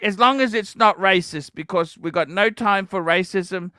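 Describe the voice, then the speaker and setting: A man hosting a livestream, ranting profanely and breaking into shouts. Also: sits high, normal speed, slight background noise. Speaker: livestream host.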